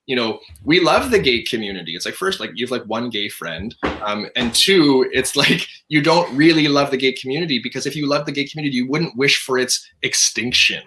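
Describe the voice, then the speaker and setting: Guest: young man, bright forceful tone, earnest, punchy delivery, mid pitch. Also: animated. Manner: earnest, emphatic, talks in quick bursts with restarts. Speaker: interview guest. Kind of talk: casual conversation.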